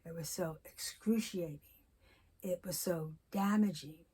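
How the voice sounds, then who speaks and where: Slow-talking woman in her sixties. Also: fairly low pitch, darkish tone, slightly rough. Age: 60s. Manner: candid storytelling, slow and reflective. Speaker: vlogger. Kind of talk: personal vlog talk.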